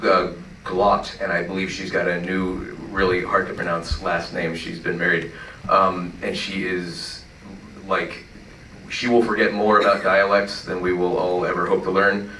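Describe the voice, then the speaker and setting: Very deep-voiced man, rambling joker. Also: a little slow, a little hiss or hum. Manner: relaxed, joking, rambling. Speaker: voice actor on a panel. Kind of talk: panel Q&A answers. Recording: echoey hall, distant mic.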